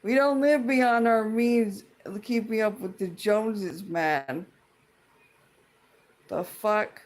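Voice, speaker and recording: A woman's voice: on the high side, slow pace. A woman ranting in a casual vlog, profane, rambling and indignant as she vents like a fed-up tenant. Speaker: tenant venting about a dispute.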